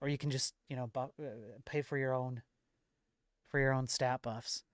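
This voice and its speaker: A man's voice: mid-range voice, steady tone, normal speed, dry recording, studio quality. A man hosting his livestream in a loose, rambling way, with lots of fillers and restarts. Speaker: livestream host and moderator. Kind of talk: casual stream chat.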